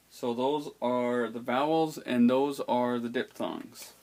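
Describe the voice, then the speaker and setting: Man, language teacher; slow and patient, sounds things out one by one. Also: medium pitch, steady tone, darkish tone. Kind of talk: explaining an alphabet's pronunciation.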